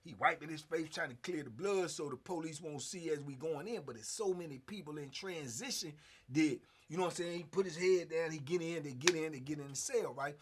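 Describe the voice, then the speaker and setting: A man in his fifties telling a story casually, animated, with punchy sound effects and frequent fillers. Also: on the high side, brisk, slight background noise. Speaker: host.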